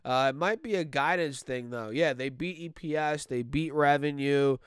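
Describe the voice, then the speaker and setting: A man with a stuffed-up nose gives casual market commentary, his voice nasal yet still crisp and very clear. He talks with energy, calls his viewers guys and thinks out loud with plenty of fillers. The sound is dry and close, with no room around it. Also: fairly high pitch, moderate pace, no echo. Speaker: stock market video host.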